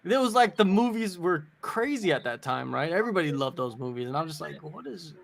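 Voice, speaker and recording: A man in his forties co-hosting a casual fight watch-along, animated and opinionated, laughing often. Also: fairly high pitch, quick pace, vocal fry. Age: 40s. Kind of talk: casual chat.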